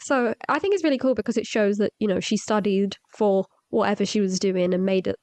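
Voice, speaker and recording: Young woman, podcast co-host, easy explanatory chat, middle pitch, dry close recording. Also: brisk, a little mellow, no room sound. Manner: conversational, explains at length. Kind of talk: casual chat.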